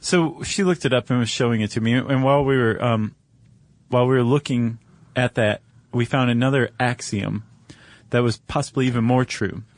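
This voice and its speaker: A man's voice: medium pitch, moderate pace, no room sound. A man co-hosting a podcast in casual chat, with a jokey, rambling manner, recorded dry in a studio. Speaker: podcast co-host.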